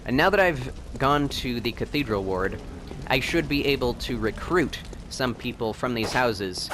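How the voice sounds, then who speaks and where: A man hosting a video game playthrough, rambling and excitable, and laughing often as he plays. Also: mid-range voice, unhurried, background noise. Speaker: let's play host. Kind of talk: gameplay commentary.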